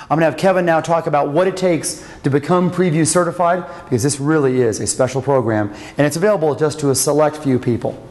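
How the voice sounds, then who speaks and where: A man's voice: on the high side, fast talker, hardly any pauses, darkish tone. Enthusiastic male executive in a reverberant hall. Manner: enthusiastic, promotional. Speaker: company executive presenter. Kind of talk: scripted corporate presentation.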